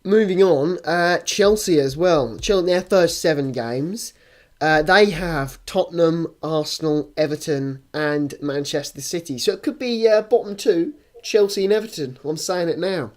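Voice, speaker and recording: A man's voice: fairly high pitch, measured pace, a little mellow. A man co-hosting a casual sports podcast, chatty and opinionated, swearing now and then. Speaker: podcast co-host.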